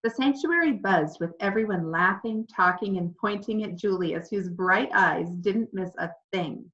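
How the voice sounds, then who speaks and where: A woman reads a children's storybook aloud with clear, expressive storytelling. Her voice sits at a middle pitch, and the recording sounds slightly dull and lo-fi. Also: measured pace. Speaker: audiobook narrator.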